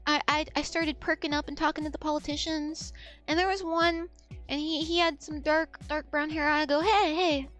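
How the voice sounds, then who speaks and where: A woman's voice: high-pitched, fairly bright tone. A woman in her twenties chatting casually as a streamer, rambling, losing her thread and swearing freely. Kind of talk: casual chat.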